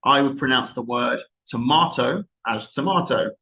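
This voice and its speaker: A man's voice: mid-range voice, fairly even intonation, normal speed, a bit bright, rough recording. Encouraging London-accented male tutor. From South England. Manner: encouraging, explains at length with many restarts. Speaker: English exam tutor. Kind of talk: unscripted online lesson.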